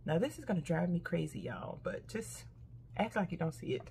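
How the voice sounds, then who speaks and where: A woman's voice: on the low side, sing-song, brisk, gravelly, warm tone, slight background noise. An older woman casually chatting to her viewers about her shopping haul, talking straight to them and squealing with delight. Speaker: haul vlogger.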